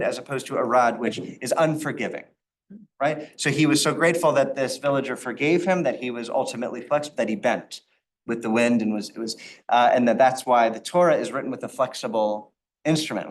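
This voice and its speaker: Rabbi at mid pitch, telling teaching stories in a loose, chatty class with faint room noise. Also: male voice. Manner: conversational, with frequent restarts and acted-out quotes. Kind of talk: informal Torah study talk.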